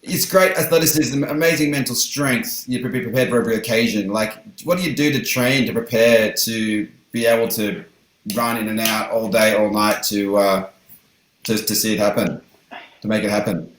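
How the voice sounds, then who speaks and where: A man hosting a live stream show, upbeat and rambling, talking in quick bursts. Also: fairly low pitch, echoey room, low-quality recording. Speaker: host. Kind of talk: live stream host chat.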